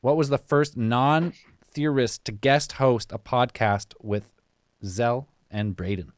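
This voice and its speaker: A man's voice: mid-range voice, slow, clean tone, no echo, clean studio sound. A man from Canada hosting a casual call-in podcast, joking and running the lines. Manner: relaxed, joking, runs the calls. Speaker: podcast host.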